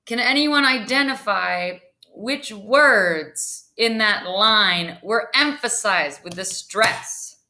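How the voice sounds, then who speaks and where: A woman teacher talks through a screen-recorded lesson at a slow, careful pace. Her voice is bright and clear, with a middle pitch. She pauses on fillers now and then, as if talking to her class. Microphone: computer screen recording.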